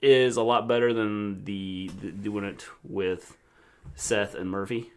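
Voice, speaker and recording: A middle-aged man co-hosting a casual wrestling chat stream, relaxed and repeating himself as he talks. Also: on the low side, slow. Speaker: co-host, her father.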